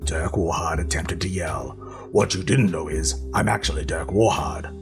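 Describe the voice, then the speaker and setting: A hoarse man giving a deadpan, mock-heroic reading of a pulp detective story. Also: deep voice, moderate pace, voice pushed down, natural voice. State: hoarse, gravelly from lost voice. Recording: pre-recorded reading over clear music. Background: music.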